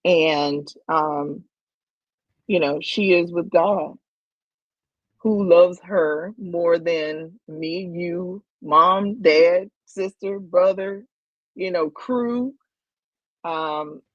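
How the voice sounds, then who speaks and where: Slow, halting woman guest, low voice. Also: dry recording, highs cut off. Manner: slow, halting, repeats words while searching for them. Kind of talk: emotional tribute conversation.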